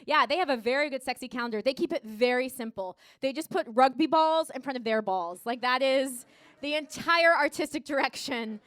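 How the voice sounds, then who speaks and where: An American woman performing a live stand-up set, animated and acting out dialogue in voices. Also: sits high, a little fast. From United States. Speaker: stand-up comedian. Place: theater stage before a laughing audience.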